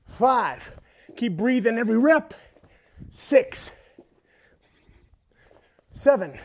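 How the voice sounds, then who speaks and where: A man with a fairly high voice leads a home workout as the trainer, calling out rep counts while he exercises along. He takes his time between words. His cues stay upbeat and encouraging throughout. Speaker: fitness trainer. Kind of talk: workout coaching.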